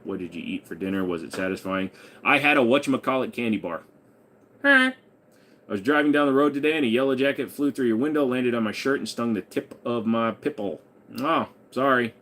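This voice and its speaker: A man's voice: fairly low pitch, fairly bright tone, a little hiss or hum. A man hosting a casual live stream, reading viewer questions aloud and answering offhand from his room at home. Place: home room with a gun wall.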